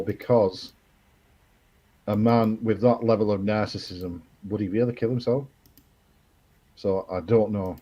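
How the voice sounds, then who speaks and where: A man's voice: fairly low pitch, mellow, breathy edge, dull audio. A man chatting as a guest on a live stream, blunt, jokey and opinionated. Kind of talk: casual live-stream chat.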